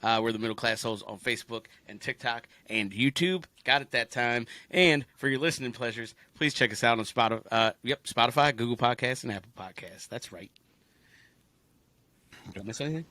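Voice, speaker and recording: A man co-hosting a podcast, cracking crude jokes and plugging the show in a casual, animated way. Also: mid-range voice, brisk, dry recording. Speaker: podcast co-host. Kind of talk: casual chat.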